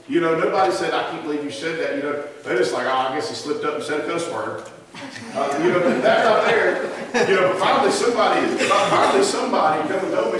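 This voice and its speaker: A middle-aged Southern pastor preaching in a loose, folksy, self-deprecating way, circling back through asides. His voice sits a bit high for a man. It is caught from across a very echoey church room, with a faint hiss underneath. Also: fairly bright tone, distant mic. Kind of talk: sermon. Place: church sanctuary.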